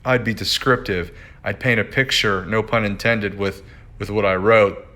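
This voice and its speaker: Reading aloud from his own writing, a painter chats casually on a phone livestream from his indoor art studio, often restarting and repeating phrases. His voice is lowish and sharp in tone, steady, at a normal speed.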